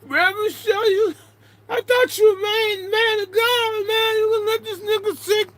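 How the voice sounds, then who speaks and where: A man voicing a panicked young male addict who pleads in a high, frantic voice. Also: a little slow, creaky, sharp tone, no echo, heavily acted.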